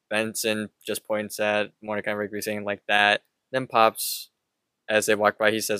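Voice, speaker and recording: A man co-hosting a podcast, relaxed and narrating a cartoon's plot step by step. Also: fairly low pitch, normal speed, clean tone, dry recording. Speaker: podcast co-host. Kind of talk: casual chat recapping a cartoon episode.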